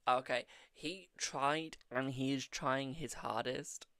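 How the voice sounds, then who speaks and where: A British man reading tarot cards for a live stream, unable to stop giggling as he talks. His delivery is slow and drawn out, and the sound is close and dry with no room behind it. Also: mid-range voice, steady tone, sharp tone, clean tone, no echo. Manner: giggling helplessly, breaking into laughter mid-sentence. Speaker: tarot reader.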